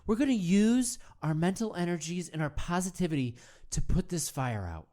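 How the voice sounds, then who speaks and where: Her voice is on the low side, expressive and dark-toned, at a normal speed and near her everyday sound. As host, she improvises a comedy monologue in the role of an earnest, rambling male self-help guru leading a meditation show, stumbling into constant stammered restarts.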